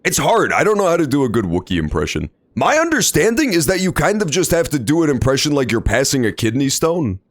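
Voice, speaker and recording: A man's voice: fairly high pitch, fast talker, hardly any pauses, no room sound. A man streaming a video game, chatting casually and joking, often calling out to the characters on screen. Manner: animated, jokey, talks to game characters. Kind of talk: casual gameplay commentary.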